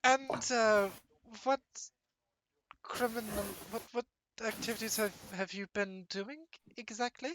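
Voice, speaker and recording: A game master putting on a halting fake-French stranger. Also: medium pitch, background noise, voice pushed up, close to an everyday voice. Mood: curious. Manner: halting, full of restarts. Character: stranger with a clumsy put-on French accent.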